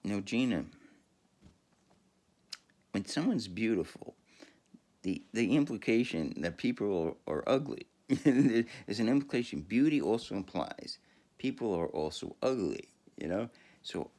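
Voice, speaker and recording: Gravelly low-voiced man rambling. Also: expressive, a little slow, long pauses, a little mellow. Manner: rambling, profane, lots of fillers and self-laughs. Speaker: podcaster. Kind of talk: casual monologue storytelling.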